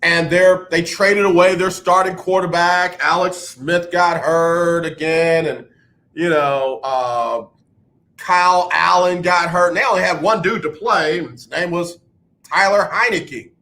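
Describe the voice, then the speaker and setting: A man hosting a radio show, talking sports in an animated, rambling monologue and poking fun at his own slips. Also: high voice, a little slow. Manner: animated, rambling, self-mocking.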